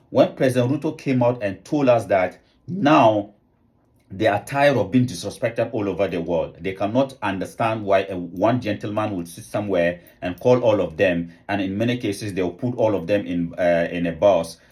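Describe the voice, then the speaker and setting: A man's voice: fairly low pitch, normal speed, a little mellow. Insistent man firing rhetorical questions. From Africa. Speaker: political commentator. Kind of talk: opinion video commentary.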